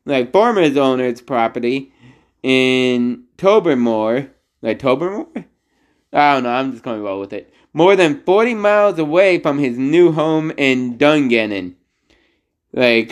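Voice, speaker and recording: Slow, rambling young-sounding man. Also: on the high side. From United States. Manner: halting, heavy on fillers like "like" and "uh". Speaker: podcast co-host. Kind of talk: casual chat, reading a news story aloud.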